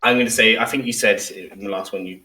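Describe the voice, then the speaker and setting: A man's voice: on the low side, fairly even intonation, quick pace, pushed and bright, roomy sound, far from the mic, low-quality recording. A man running a tabletop game as game master, narrating with frequent hesitations and fillers.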